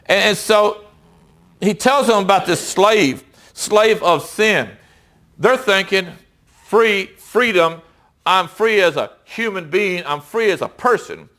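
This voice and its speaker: Reading Bible verses during his sermon, a middle-aged preacher talks conversationally and emphatically, throwing rhetorical questions at the audience. He speaks unhurriedly in a high-pitched, animated, fairly bright voice.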